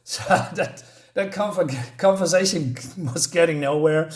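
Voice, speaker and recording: A man's voice: fairly high pitch, a little slow. A man casually reviewing a comic book, reading panels aloud and rambling with many fillers and chuckles.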